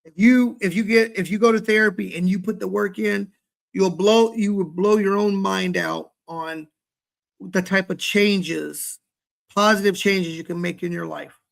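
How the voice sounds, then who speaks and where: Talking through a high-set webcam at home, this young podcast co-host rambles candidly and pokes fun at himself in casual chat. He has a high-pitched voice with vocal fry, fairly even intonation and a measured pace.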